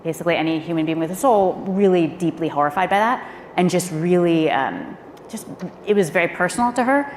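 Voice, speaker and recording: Brief: former speechwriter, woman, animated storyteller, boomy venue with a faint hiss. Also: a little fast. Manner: animated, acts out quoted voices. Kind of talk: candid storytelling on a live panel. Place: event hall. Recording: echoey hall with faint noise.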